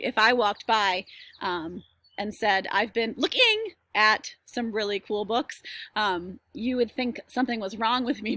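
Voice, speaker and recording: Woman, teacher; casual reassuring lesson delivery with fillers, mid pitch, dry close sound on a computer mic. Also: pushed and bright, no room sound. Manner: chatty and reassuring, many ums and likes. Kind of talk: recorded class lesson with screen share.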